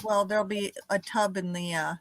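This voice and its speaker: A woman's voice: mid-range voice, steady tone, moderate pace. A middle-aged woman co-hosting a casual podcast chat, motherly and teasing. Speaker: podcast co-host.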